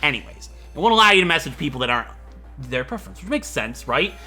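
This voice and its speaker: Young male let's-play host, bright lively voice, rambling jokes. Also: fairly high pitch, fast talker, soft background music. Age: 20s. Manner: rambling, joking, laughs a lot. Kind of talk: gameplay commentary.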